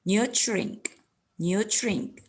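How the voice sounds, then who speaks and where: A woman teaching an English lesson, slowly repeating words and giving their meanings. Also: medium pitch, a little mellow, slight background noise. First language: Arabic. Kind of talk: recorded classroom lesson.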